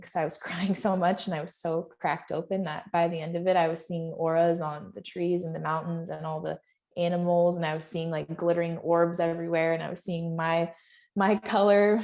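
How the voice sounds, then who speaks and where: A woman's voice: lowish voice, vocal fry, darkish tone. A woman guest on a podcast, sharing a personal story earnestly and emotionally, often laughing as she talks.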